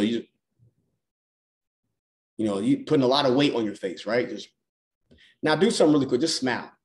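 A man coaching on a mindset call, talking emphatically and repeating key phrases for effect. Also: medium pitch. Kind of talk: motivational call talk.

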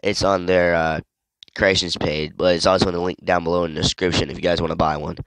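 A man's voice: sits low, level tone, quick pace, fairly bright tone, smooth, dry recording. A sick young man rambling through casual gameplay commentary, easily distracted and breaking into sudden yelps. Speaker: gaming video creator.

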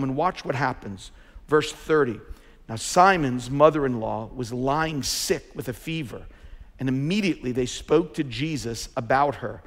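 A man preaching a sermon, his voice sitting a little higher than most men's. He is emphatic and pushes louder when he drives a point home. The sound carries the long reverb of a large church sanctuary. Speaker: pastor.

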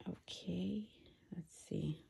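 Woman, unhurried, casual unboxing chat, excited exclamations, faint background noise. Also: on the low side, vocal fry. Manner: chatty, excited exclamations, self-deprecating asides. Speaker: crafter unboxing a swap package. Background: paper crinkling and clicks.

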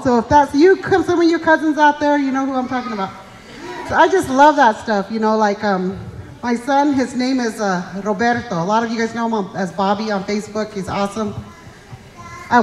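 High pitched lady comic telling funny stories live, echoey hall. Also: fairly bright tone, slight background noise. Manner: chatty storytelling, self-mocking, acts out voices. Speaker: comedian. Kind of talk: live stand-up comedy. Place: stage at a community fundraiser show.

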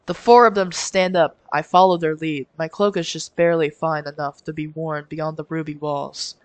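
A woman's voice: deep voice, fairly even intonation, normal speed, no room sound. A woman streamer reading a visual novel aloud with her own asides, giggling and stumbling over words now and then. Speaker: let's play streamer.

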